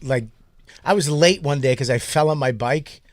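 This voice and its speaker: A man's voice: on the high side, normal speed, dry recording. A man co-hosting a casual comedy podcast, talking candidly and self-deprecatingly and laughing often. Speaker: podcast co-host.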